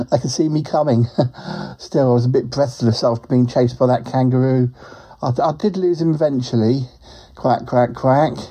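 A man's voice: mid-range voice, moderate pace, dark tone, breathy edge, lightly acted. A man voicing a chatty, good-natured talking duck on his travels, who rambles, giggles and tacks quacks onto his sentences. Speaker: roving reporter. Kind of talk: comic character monologue.

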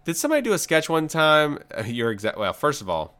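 A man co-hosting a podcast in casual chat, excitable and jokey, laughing a lot. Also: medium pitch, fairly quick, clean tone. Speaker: podcast co-host.

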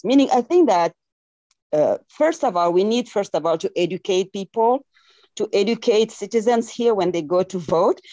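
A woman's voice: lowish voice, dark tone, no echo, dull audio. A woman from Senegal with a French accent, an earnest community organizer who repeats herself as she makes her points. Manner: earnest, repeats phrases, laughs between thanks.

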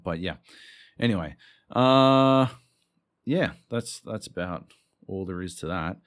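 A man hosting a podcast and talking off the cuff about his story, rambling and halting, with casual swearing. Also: deep voice. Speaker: podcast host and author.

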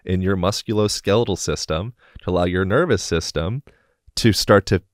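A man's voice: low-pitched, moderate pace, no echo, studio quality. A man, a bodywork practitioner, speaking in a casual, rambling podcast interview and swearing now and then.

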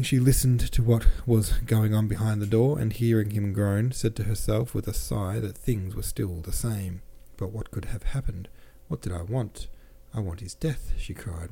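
Low, mellow male audiobook narrator. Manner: measured reading with small self-corrections. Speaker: podcast host and audiobook reader. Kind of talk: scripted narration of a classic novel.

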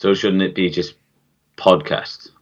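A man's voice: deep voice, fairly even intonation, a little slow, highs cut off. A man co-hosting a podcast, chiming in with short dry quips. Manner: dry quips, chimes in briefly. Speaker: podcast co-host. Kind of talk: casual chat.

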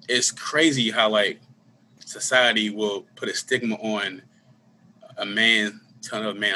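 Man guest, low voice with a very bright edge, candid and slangy, faint room noise. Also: fairly even intonation, moderate pace. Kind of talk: casual conversation, personal storytelling.

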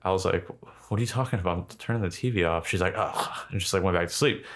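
Young guy, lowish voice, rambling profane story, lots of likes and you-know-what-i-means. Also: racing, a bit bright. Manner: rambling, profane, many fillers. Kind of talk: casual storytelling chat.

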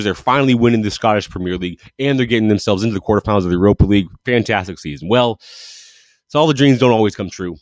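A man hosts a casual football show, his voice sitting a little low. He talks with eager enthusiasm, rambling and correcting himself as he goes. The sound is dry and close, with no room around it. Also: dry recording. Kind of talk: casual sports commentary monologue.

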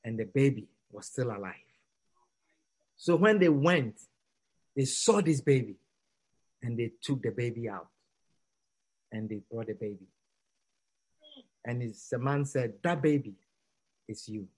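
A man preaching to a congregation, telling a story dramatically and acting out the characters' lines, dropping to a hush and then rising almost to a shout. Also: mid-range voice, animated, unhurried, pauses often. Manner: dramatic, swings from hushed to near-shouting; acts out quoted characters.

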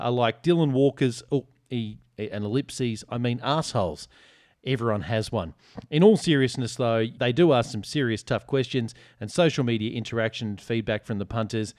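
Teasing podcast host, dry sound. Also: male voice, mid-range voice, a little mellow, dry recording. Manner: joking, teasing, reads listener reviews aloud. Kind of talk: casual chat.

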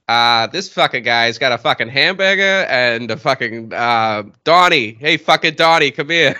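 A man's voice: mid-range voice, lively intonation, normal speed, pushed and bright. A man doing a swearing street-tough guy. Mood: rough. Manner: profane, blunt. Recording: slightly dull lo-fi recording.

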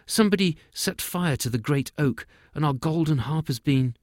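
A man's voice: a little high, lively intonation, moderate pace, dry recording, studio quality, pitched above the performer's own voice, natural voice. A man voicing a tiny, breathless male fairy messenger in a storybook, speaking hurriedly and politely. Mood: anxious.

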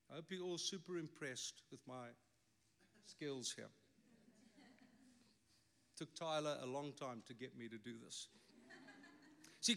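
A man's voice: a little high, pushed and bright. A middle-aged man with a South African accent, a native Afrikaans speaker, preaching a sermon with emphatic delivery and wry asides. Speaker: pastor.

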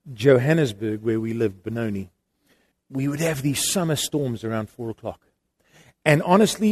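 Preaching a sermon, a middle-aged man with a voice on the high side tells a family story with animation. His delivery swings between loud emphasis and quiet, intimate moments.

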